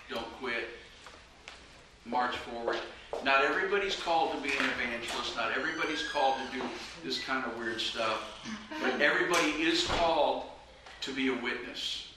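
A man's voice: medium pitch, normal speed. Urgent preacher man in an echoey room. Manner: earnest and urgent, exhorting. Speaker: evangelist preacher. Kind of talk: preaching a personal testimony. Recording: very echoey room, mic far off, faint noise.

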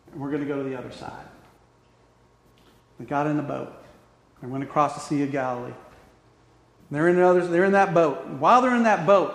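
A man preaching a sermon with passion, shifting between loud emphasis and hushed, quiet tones. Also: fairly high pitch. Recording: echoey hall.

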